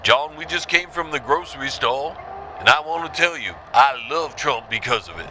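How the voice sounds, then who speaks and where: A man doing a brash loudmouth caller. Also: on the high side, expressive, moderate pace, a little hiss or hum. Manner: brash, rambling. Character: blunt loudmouth male caller.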